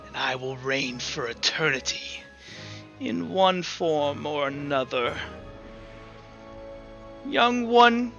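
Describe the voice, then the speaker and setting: A man voicing an ancient, tall female tyrant queen who speaks slowly and loomingly in a game. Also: a little high, creaky, bright, forceful tone, full character voice. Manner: slow, drawn-out, looming speech. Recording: dull audio, faint background music.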